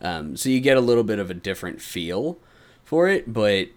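Low-voiced man hosting a casual podcast. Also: very animated, normal speed. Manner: rambling, profane, laughs often. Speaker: podcast host.

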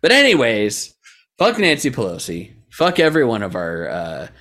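A man's voice: mid-range voice, wildly swooping pitch, moderate pace, a bit bright. A man in casual podcast chat, profane and laughing often. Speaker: podcast co-host.

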